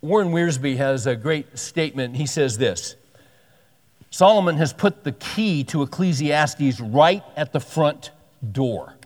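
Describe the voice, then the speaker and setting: A man preaching in an earnest, conversational style, his voice a touch higher than most men's. He often repeats and restarts his phrases as he explains a point. The sound carries a long reverb, as if in a large church. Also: expressive, takes it slowly. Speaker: pastor. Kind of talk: sermon.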